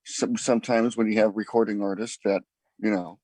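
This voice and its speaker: An easygoing man chats about his band in an interview. He talks in a relaxed, halting way. His voice is low and the recording is dry. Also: no echo, rough recording. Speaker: band member. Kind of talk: casual interview chat.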